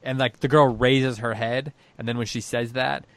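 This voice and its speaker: A man's voice: medium pitch, fairly even intonation, moderate pace, no room sound. A man hosting a book discussion podcast, reflectively thinking aloud about a story. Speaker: host.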